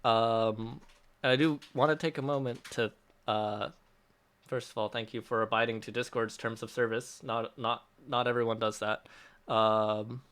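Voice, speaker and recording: A man's voice: mid-range voice, fairly even intonation, a little slow, fairly bright tone, smooth. A man hosting a casual livestream Q&A, reading out chat questions and answering them in an upbeat, chatty way with frequent laughs and restarts. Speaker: app developer hosting a release livestream.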